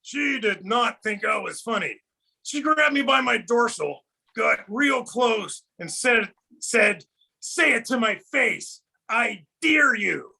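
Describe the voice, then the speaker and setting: Guy doing a cocky little puppet comic, squeaky high voice, yelling jokes. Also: expressive, takes it slowly, gravelly, husky, heavily acted. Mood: brash. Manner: punny, brash, shouting punchlines. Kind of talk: stand-up comedy with puppet.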